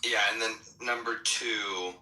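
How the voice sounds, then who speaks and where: A man with a very low, strikingly bright, edgy voice chats casually, swearing and laughing as he goes. The room is echoey and there is faint noise underneath. He talks like a podcast co-host bantering with friends. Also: fairly even intonation, unhurried. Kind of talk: casual chat. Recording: roomy echo, faint noise.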